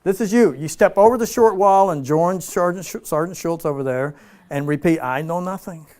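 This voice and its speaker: A man leading an informal spiritual teaching for a small group, relaxed and playful, slowing down for emphasis. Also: on the high side. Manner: relaxed, playful, laughs often, slows for emphasis.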